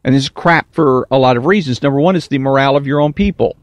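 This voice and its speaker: A man delivering a political commentary monologue, deliberate and emphatic, slowing to stress key words. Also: mid-range voice, no echo. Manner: deliberate, emphatic, drawn-out stresses, mocking whiny impressions.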